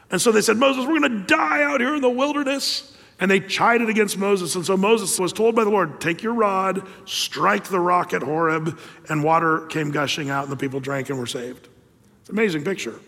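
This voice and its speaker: Male pastor, lively storytelling sermon; fairly high voice, reverberant hall. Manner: lively storytelling, asks rhetorical questions.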